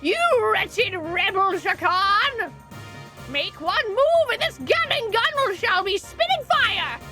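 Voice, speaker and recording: A woman's voice: very high voice, expressive, slow, music in the background, full character voice. A woman reading the lines of a threatening male villain commander in a game, sneering. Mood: menacing.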